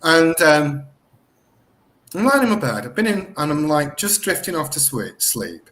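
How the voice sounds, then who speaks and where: Middle-aged male guest, slightly high voice, very lively, animated storyteller who keeps restarting sentences. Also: unhurried. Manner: animated, excitable retelling with lots of self-corrections. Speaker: guest researcher. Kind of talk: casual storytelling in an interview.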